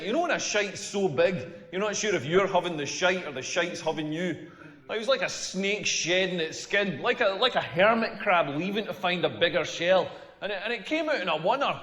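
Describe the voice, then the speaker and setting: A Scottish man doing a crude stand-up routine, telling stories in an animated way with a lot of "like". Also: high-pitched, roomy sound, in a large hall. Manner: crude, animated storytelling with repeated "like". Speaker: stand-up comedian.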